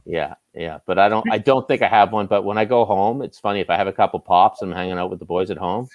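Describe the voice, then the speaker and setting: A man with a Canadian Maritime accent, a sports anchor chatting as a guest in a relaxed, self-deprecating way. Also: low-pitched, fast, no room sound, muffled recording. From Nova Scotia, Canada. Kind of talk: casual interview chat.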